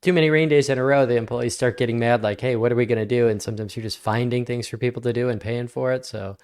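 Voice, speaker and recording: A man co-hosting a casual business podcast, relaxed and chiming in with short dry quips. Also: medium pitch, fast, clear, resonant tone. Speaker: podcast co-host, business owner.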